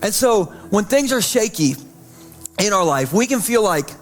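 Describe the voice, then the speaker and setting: A man preaching as pastor, casual and chatty, dropping low and slow each time he repeats "holy.". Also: big pitch swings, soft background music. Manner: repeats "holy" softly and slowly, chatty asides. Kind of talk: sermon.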